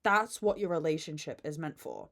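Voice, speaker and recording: Chatting into her phone camera at home for her own podcast, this woman is unfiltered and dramatic in her swings, swearing a lot. She has a deep voice with lively intonation and a fairly bright tone, speaking at normal speed.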